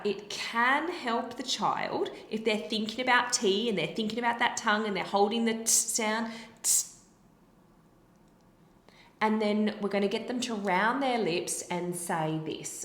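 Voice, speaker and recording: A woman speech-language pathologist explaining therapy techniques in an encouraging way and demonstrating speech sounds slowly. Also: a little high, fairly bright tone. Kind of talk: instructional explanation. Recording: roomy echo.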